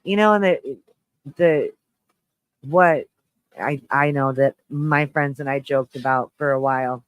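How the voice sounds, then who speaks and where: A man hosting a live stream, chatting with viewers in a low, shaky-voiced mood, halting and restarting as he rambles. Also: no echo, rough recording. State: shaky voice, close to tears. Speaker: livestream host.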